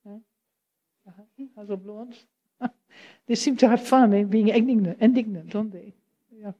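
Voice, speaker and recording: A woman's voice: mid-range voice, moderate pace, dull audio. A woman from France with a French accent, a Buddhist teacher answering questions in an informal talk, chatty, laughing often and checking in with her listeners.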